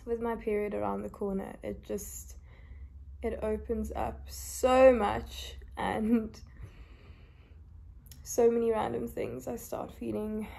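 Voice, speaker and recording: A woman's voice: on the high side, flat delivery, slow pace, creaky. A tired young woman from South Africa, lying in bed and talking openly and emotionally in a confessional vlog. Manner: soft-spoken, emotional and open. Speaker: vlogger.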